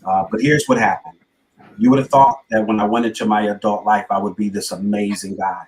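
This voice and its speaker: A man's voice: on the low side, steady tone, brisk, low-quality recording. A middle-aged man telling his life story as a guest on a talk show, with an earnest, motivational cadence. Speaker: guest speaker and author.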